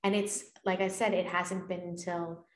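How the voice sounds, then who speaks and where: A woman speaks earnestly and reflectively, co-hosting a casual conversation about spiritual matters. Her voice sits a little low for a woman. The room adds a noticeable echo. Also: level tone, normal speed.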